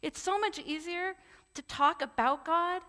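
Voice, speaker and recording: A woman's voice: very high-pitched, measured pace, sharp tone. A woman giving a sermon in an earnest, conversational way, with candid personal asides. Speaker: preacher. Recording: long hall reverb.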